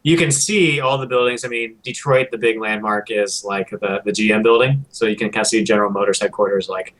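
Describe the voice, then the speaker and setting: Michigan guy, fast talker, bright forceful tone, chatty guest. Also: fairly low pitch, low-quality recording. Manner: rambling, lots of fillers, quick and bright. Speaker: guest commentator. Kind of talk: casual chat.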